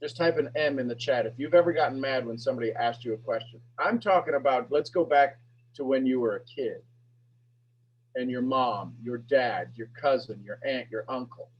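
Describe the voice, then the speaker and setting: A man coaching a sales master class, firing emphatic, repetitive questions at his audience and pushing his voice up toward a shout. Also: mid-range voice, moderate pace, breathy edge, lo-fi sound. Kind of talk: animated teaching talk to an online audience.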